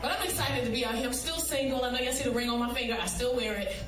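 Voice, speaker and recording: A woman in her forties doing a loud, playful stand-up set on a club stage, acting out voices. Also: on the high side, rapid-fire. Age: 40s. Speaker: stand-up comedian. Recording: loud crowd, live club noise. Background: loud audience laughter.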